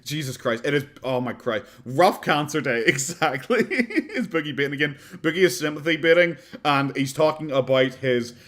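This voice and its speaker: A man's voice: on the high side, lively intonation, normal speed, hardly any pauses, a bit bright. Irish guy rambling through a watchalong, mocking, laughs a lot. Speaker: streamer commenting on a podcast. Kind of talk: casual watchalong commentary.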